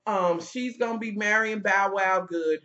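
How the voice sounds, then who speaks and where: A woman's voice: mid-range voice, unhurried, pushed and bright. Woman, reality TV reviewer, heated, profane, sassy, dull lo-fi audio. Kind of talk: casual profane commentary.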